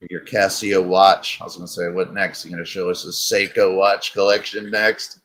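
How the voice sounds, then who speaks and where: A man's voice: deep voice, level tone, moderate pace, a bit bright, slight background noise. A man hosting a comedy talk show, crude and sarcastic in casual banter. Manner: crude, sarcastic, rambling storyteller. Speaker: show host.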